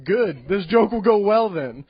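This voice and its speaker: A young male comic does an awkward, giggly stand-up set. His voice is high and very lively. The sound is dry and dull, as on a lo-fi live tape. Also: unhurried, slightly rough, dry recording. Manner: awkward and giggly, with many ums. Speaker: stand-up comedian. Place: comedy club.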